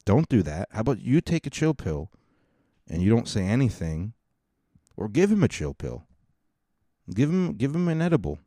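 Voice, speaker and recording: A man's voice: mid-range voice, sing-song, normal speed, pauses often, mellow, no room sound, studio quality. A man in his thirties hosting a podcast, telling crude, rambling, comedic stories in a mocking tone. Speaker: podcast host. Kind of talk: casual comedic storytelling.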